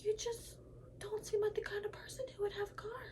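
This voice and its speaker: A woman's voice: very high voice, flat delivery, brisk, darkish tone, distant mic, a little hiss or hum, pitched above the performer's own voice. A young woman putting on the voice of a snooty, prejudiced middle-aged woman, mocking and exaggerated. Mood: condescending.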